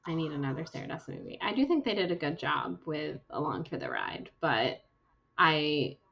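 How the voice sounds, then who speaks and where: A young woman co-hosting a casual book podcast, retelling chapters in a chatty, lively way with lots of fillers. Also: low-pitched, normal speed, gravelly, husky, dull audio. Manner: chatty, animated storytelling with fillers. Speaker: podcast co-host.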